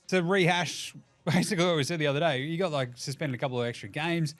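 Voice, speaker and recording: A man's voice: on the high side, expressive, brisk, a bit bright, soft background music. A man in his thirties with an Australian accent, hosting a casual sports podcast, rambling and swearing as he jokes and puts on silly voices for quotes. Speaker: podcast host.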